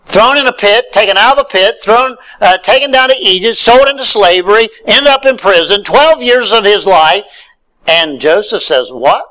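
A man's voice: sits high, animated, moderate pace, bright, forceful tone, low-quality recording. A man preaching a sermon, reading scripture aloud and then retelling it in his own words with rising emphasis and rhetorical questions.

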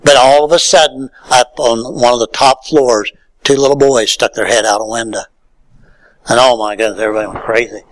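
A male pastor preaching a sermon in a folksy way, swinging from loud calls to near-whispered lines. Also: medium pitch, steady tone, a little fast, low-quality recording.

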